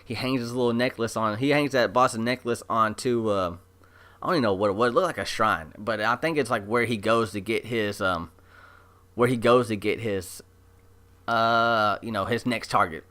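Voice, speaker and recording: A man giving a casual, excited recap of an episode as an anime reviewer, chatty and full of fillers. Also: on the low side, normal speed. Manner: chatty, animated retelling with many fillers.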